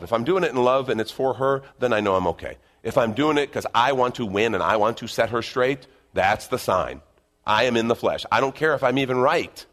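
A middle-aged man, a pastor, preaching a conversational sermon, going from loud emphatic bursts down to hushed, quiet asides. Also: medium pitch, lively intonation, fairly quick.

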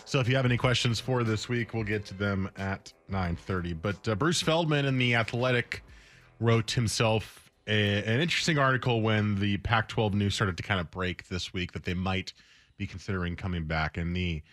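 A man's voice: lowish voice, normal speed, fairly bright tone, no echo. A man hosting sports talk radio in a casual, conversational way, reading listener prompts and quotes aloud.

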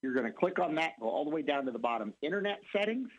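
Husky-voiced tech expert giving advice. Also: male voice, on the high side, very animated. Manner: casual, halting, explains step by step. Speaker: computer repair expert guest. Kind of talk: radio call-in tech advice. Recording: dull, muffled radio audio.

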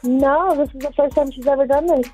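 A woman's voice: sits high, fairly even intonation, brisk, warm tone, soft background music, rough recording. A woman calling in to a radio show, talking candidly and giggling. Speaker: caller. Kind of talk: phone-in chat.

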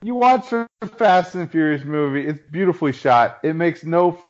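A man co-hosting a podcast over a phone hotspot, giving blunt, wry opinions with halting starts. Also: on the high side, animated, a little mellow. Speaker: podcast co-host. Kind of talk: casual chat. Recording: dull lo-fi phone hotspot connection.

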